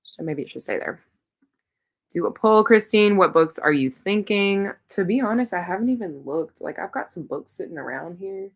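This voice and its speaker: On a relaxed reading sprint livestream, the female host chats, tells rambling personal stories, and reads out and answers viewers' comments. Her medium-pitched voice is animated, her pace moderate.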